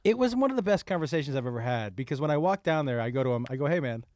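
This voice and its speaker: A middle-aged man, a comedian, telling crude family stories in quick, animated casual chat. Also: a little high, no echo. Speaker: comedian and podcast host.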